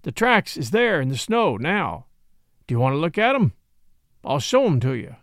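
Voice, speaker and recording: A man voicing a gloomy, superstitious frontier dog-driver who talks in a slow, grave backwoods drawl. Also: fairly high pitch, big pitch swings, gravelly, a bit bright, dry recording, studio quality, exaggerated voice. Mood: brooding.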